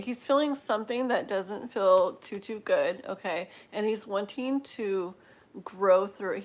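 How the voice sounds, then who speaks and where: A woman giving live tarot readings, talking in a slow, halting way with many fillers and restarts while she feels her way through the cards. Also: medium pitch. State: emotional, laughing through tears. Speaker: tarot reader.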